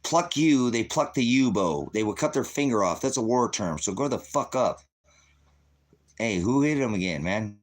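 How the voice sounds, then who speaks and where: A middle-aged man hosting his own channel rants at his viewers in a profane, combative, rambling monologue. His medium-pitched voice is animated, and he speaks at a normal speed.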